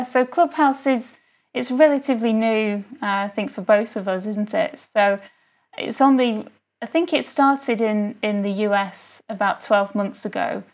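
A woman photographer, a guest on a podcast, chatting casually and filling her speech with "you know". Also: mid-range voice. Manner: friendly, lots of "you know" fillers. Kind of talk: casual interview conversation.

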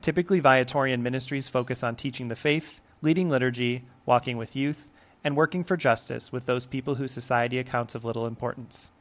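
A man's voice: mid-range voice, brisk. Man reading a formal podcast intro. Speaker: podcast host and producer. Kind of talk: scripted introduction.

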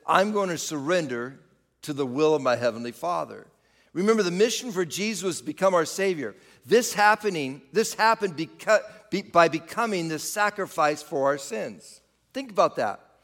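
A man's voice: fairly high pitch, fairly bright tone, long reverb tail. A man preaching a sermon, speaking straight to his congregation and rising and falling for emphasis. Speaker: pastor.

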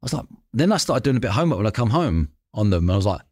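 A man's voice: on the low side, racing, slightly rough, dry recording, clean studio sound. Chatty man telling stories. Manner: animated anecdotes, acts out quoted voices, laughs often. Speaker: podcast host. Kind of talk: casual storytelling chat.

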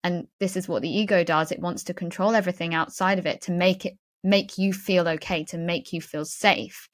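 A woman's voice: lowish voice, steady tone, a little fast. A woman hosting a podcast interview, speaking in a reflective, thoughtful way. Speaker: podcast host.

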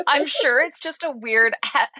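A woman's voice: high-pitched, bright, forceful tone, no echo, highs cut off. A woman guesting on a podcast, telling stories emphatically and laughing often. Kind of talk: casual chat.

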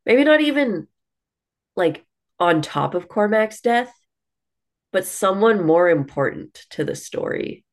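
A woman's voice: medium pitch, lively intonation, slow, pauses often. A woman co-hosting a podcast, chatting casually about a book in a blunt way, with lots of "like" and the odd swear word. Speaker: podcast co-host. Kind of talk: casual book review chat.

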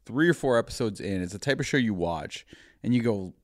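A man co-hosting a podcast, talking about a show in an enthusiastic, animated way. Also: fairly low pitch, a little fast, no room sound, clean studio sound. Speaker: podcast co-host. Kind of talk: casual chat.

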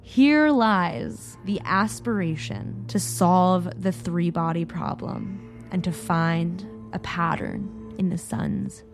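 A woman voicing a friendly male UN Secretary General who greets a guest with grand, raised-pitch ceremony. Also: slow pace, few pauses, soft background music. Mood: solemn.

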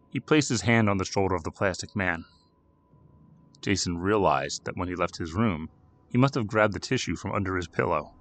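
A man narrating a scripted horror story with a dramatic, expressive reading. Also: deep voice, normal speed.

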